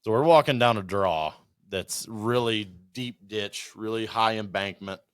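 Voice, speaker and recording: A man's voice: on the low side, a little slow, clean tone, no echo, clean studio sound. A man, a podcast guest, telling bird-hunting stories in casual chat, swearing freely and acting out what people and dogs said. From Iowa. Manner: animated storyteller, swears freely, acts out quotes.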